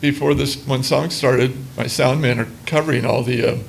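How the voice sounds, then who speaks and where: A man's voice: medium pitch, fairly even intonation, moderate pace, gravelly, a little hiss or hum. An older man on a panel, a former music booker, telling stories about bands with laughs and acted-out dialogue. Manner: laughing, acts out quoted dialogue. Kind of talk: casual storytelling on a panel. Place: museum talk before a small audience.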